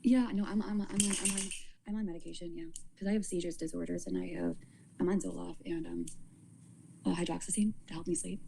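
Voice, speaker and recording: A woman talking casually on a livestream, rambling and halting, often repeating her words as she restarts. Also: on the low side, lively intonation, background noise.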